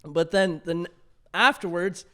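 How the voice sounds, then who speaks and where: A young man with a very high, bright voice co-hosts a relaxed podcast chat. He tells stories with animation, often breaking into laughter as he goes. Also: unhurried. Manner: animated storytelling with frequent laughter. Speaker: podcast co-host. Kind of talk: casual chat.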